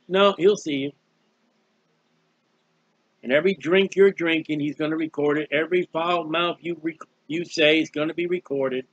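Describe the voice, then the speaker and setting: A man's voice: sits high, a bit bright, no echo, highs cut off. A man preaching a Bible teaching sermon in a folksy, emphatic way, asking questions and answering them himself.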